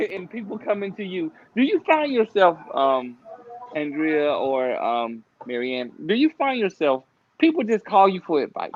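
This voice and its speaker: A man's voice: high voice, big pitch swings, unhurried. A male host in a casual chat, talking loosely with lots of filler and frank swearing. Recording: dull lo-fi recording.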